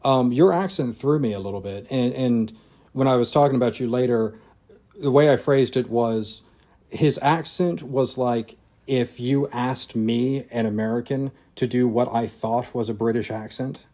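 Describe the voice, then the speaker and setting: A man's voice: medium pitch, moderate pace, mellow. A man from Louisiana hosting a podcast interview, speaking hesitantly with frequent restarts. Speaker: podcast host. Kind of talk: casual interview chat.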